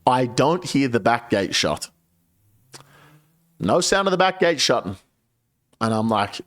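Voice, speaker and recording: Young male streamer, casual storyteller, lively and animated, swears freely. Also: medium pitch, a little slow, long pauses. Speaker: game streamer. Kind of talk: casual storytelling while gaming.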